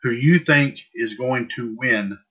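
A man's voice: medium pitch, measured pace, pushed and bright, slightly rough. A man hosting a casual wrestling news podcast, rambling and repeating himself. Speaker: podcast host. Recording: dull lo-fi audio.

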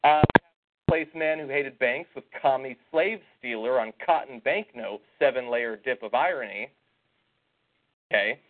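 A man's voice: medium pitch, measured pace. A man co-hosting a casual political talk show, sarcastic and reading out tweets with scorn. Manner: sarcastic, reads out tweets mockingly. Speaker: podcast co-host. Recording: tinny phone-like sound.

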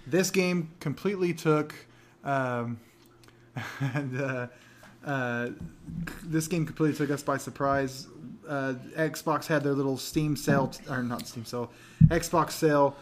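A man co-hosting a casual gaming podcast, talking in loose run-on stretches full of restarts and quick laughs. His voice sits at an ordinary middle pitch, with a faint hiss of noise under the recording. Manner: rambling, laughs often, many restarts. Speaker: podcast co-host.

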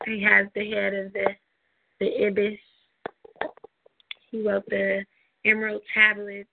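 A woman's voice: medium pitch, creaky, no echo. A woman hosting a community call, chatting loosely and laughing often over tinny call audio. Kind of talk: casual online call hosting. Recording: tinny phone-line audio.

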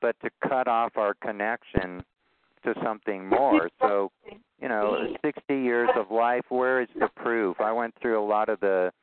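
A man's voice: on the low side, fairly even intonation, unhurried, smooth. A man in his sixties hosting a conference-call talk show, earnest and rambling. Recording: tinny phone line.

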